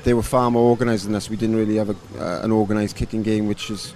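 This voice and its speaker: A man in his thirties, a rugby coach, answering interview questions in a relaxed, rambling way with lots of fillers. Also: on the low side, quick pace. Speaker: rugby coach and former player.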